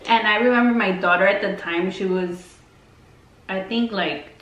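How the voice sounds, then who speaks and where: A woman's voice: medium pitch, moderate pace, fairly bright tone, highs cut off. A woman vlogger telling a story casually, rambling with lots of fillers and swearing. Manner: rambling and heavily profane, full of fillers. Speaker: beauty vlogger. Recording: roomy, distant mic, faint noise.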